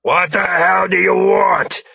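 Brief: narrator as a bound, defiant soldier yelling in pain, raspy and hoarse, dry. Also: male voice, sits high, level tone, slow pace, no room sound, pitched above the performer's own voice, exaggerated voice. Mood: furious. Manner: strained, yelling through pain.

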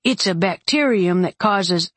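A woman's voice: on the low side, animated, measured pace, fairly bright tone, no room sound. A woman voicing a stiff, commanding male mage. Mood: stiff, wooden. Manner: roaring when alarmed, wooden when lecturing.

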